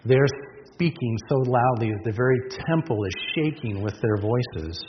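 A pastor with a mid-range voice preaches at normal speed, earnest and emphatic, posing rhetorical questions to the congregation. The recording is dull and lo-fi, with long reverb and faint noise.

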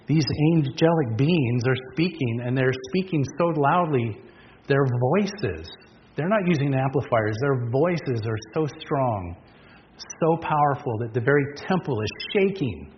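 A man's voice: mid-range voice, animated, measured pace. A man preaching a sermon, earnest and emphatic, asking the congregation rhetorical questions. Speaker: pastor. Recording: dull lo-fi sound with long reverb and faint noise.

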